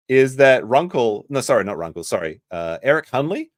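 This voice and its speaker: A man's voice: mid-range voice, huge pitch swings, quick pace, hardly any pauses, no room sound, clean studio sound. A man giving casual live commentary on a stream, rambling and correcting himself as he goes. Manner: rambling, self-correcting, mimics people he quotes.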